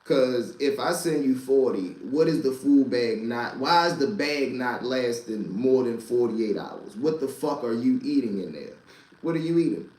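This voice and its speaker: A man's voice: mid-range voice, lively intonation, measured pace, darkish tone, echoey room, rough recording. A man hosting a casual storytelling show, talking in profane street slang and repeating lines for emphasis. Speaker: host telling street stories.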